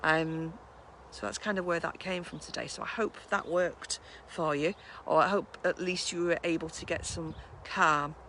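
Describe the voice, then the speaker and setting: A woman's voice: fairly low pitch, steady tone, moderate pace, fairly bright tone, a little hiss or hum. A woman hosting a mindfulness session, chatting casually after a guided meditation and laughing often at herself.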